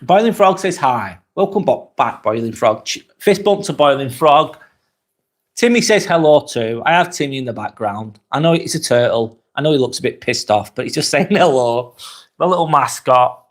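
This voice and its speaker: A man's voice: medium pitch, normal speed. Guy doing a chill live vlog, chatty, reading out comments and asking questions. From England. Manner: relaxed, chatty, asks many questions. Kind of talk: casual live-stream chat reading comments.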